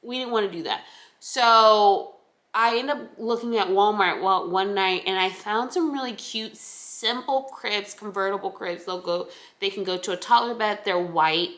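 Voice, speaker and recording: A young pregnant woman rambles casually to her camera, her voice bright and forward, at a middling pitch. She talks on with plenty of fillers and restarts. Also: normal speed. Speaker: vlogger. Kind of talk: casual chat.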